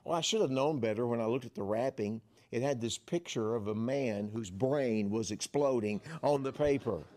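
A middle-aged man preaching a sermon as pastor, telling a story with lively, building emphasis. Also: medium pitch, moderate pace.

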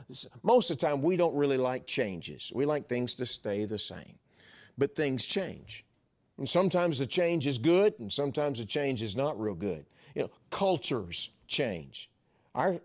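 Man, pastor, sermon, animated pitch, slightly higher voice, folksy asides. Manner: lively preaching with folksy asides.

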